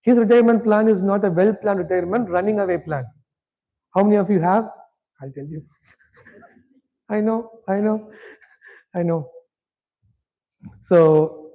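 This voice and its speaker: A scripture class teacher gives an interactive lecture in a relaxed, conversational way. His fairly high voice keeps checking whether listeners are following, and the recording sounds dull and lo-fi.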